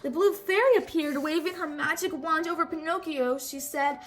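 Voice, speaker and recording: High-voiced woman reading a storybook. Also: moderate pace, hardly any pauses, soft background music, rough recording. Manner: stumbles and rereads words. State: sore throat. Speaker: storybook reader. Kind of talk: reading a picture book aloud.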